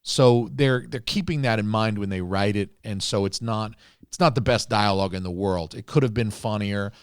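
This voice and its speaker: Low-ish guy rambling about a movie on a podcast, cusses a lot, dead dry sound. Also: moderate pace, clear, resonant tone, no echo. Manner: rambling, swears freely. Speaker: podcast co-host. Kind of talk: casual movie review chat.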